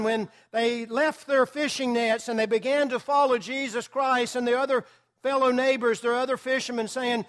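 High-voiced male preacher, conversational. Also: moderate pace, a bit bright. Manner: conversational, storytelling with filler words. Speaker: pastor. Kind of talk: sermon.

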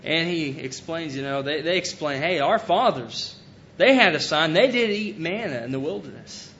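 A man's voice: animated, moderate pace, fairly bright tone. A man preaching a sermon, earnestly retelling scripture and paraphrasing it in casual everyday speech. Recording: dull lo-fi recording with faint rumble.

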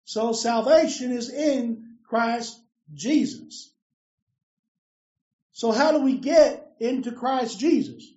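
A man's voice: very high-pitched, slow pace, a little mellow. A man preaching a sermon, emphatic, putting questions to his listeners and answering them himself. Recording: roomy, distant, dull lo-fi sound.

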